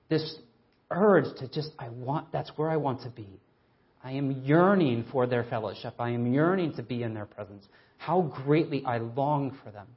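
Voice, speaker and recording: A man preaching a sermon, earnest and emphatic, asking rhetorical questions and slowing down to stress scripture readings. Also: medium pitch, highs cut off.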